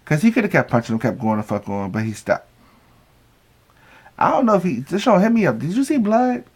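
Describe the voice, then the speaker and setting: A man's voice: fairly high pitch, very animated, brisk, darkish tone, slightly rough. A man recapping a reality show in a casual vlog, telling it as profane, gossipy stories and acting out what people said. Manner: acts out quoted lines.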